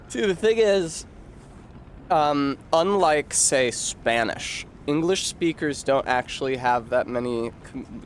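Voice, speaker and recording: Jokey guy streaming a game, rambles at chat, mid pitch, noisy background. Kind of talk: casual chat while gaming.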